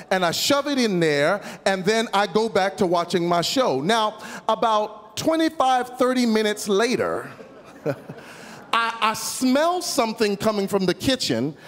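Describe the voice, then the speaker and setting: High-voiced preacher in a booming hall. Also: male voice, fairly bright tone. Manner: humorous storytelling, calls out to the congregation. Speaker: pastor. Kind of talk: sermon. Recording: long reverb of a large hall.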